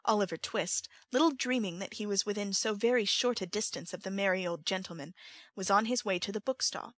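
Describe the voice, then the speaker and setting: Brief: female audiobook narrator, mid pitch, measured storytelling, dry studio sound. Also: fairly bright tone, dry recording, poor audio.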